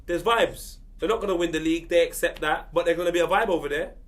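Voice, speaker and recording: A man's voice: on the high side, fast. A man joking and telling stories in football panel banter. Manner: animated storytelling, teasing. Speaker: panel regular.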